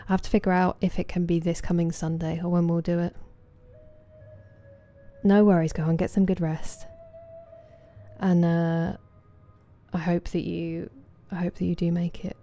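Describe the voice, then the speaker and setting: A woman's voice: fairly low pitch, flat delivery, normal speed, pauses often, mellow. A young woman streaming a game, chatting casually with viewers and greeting them by name. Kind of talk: casual chat with viewers while gaming. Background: game music.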